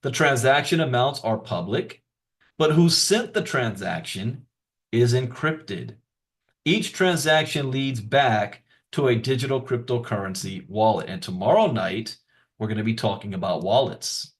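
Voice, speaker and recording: A man's voice: mid-range voice, lively intonation, unhurried. Man teaching crypto basics, emphatic. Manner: explanatory, emphatic repetition for stress. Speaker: crypto course presenter. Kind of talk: reading lesson notes with asides.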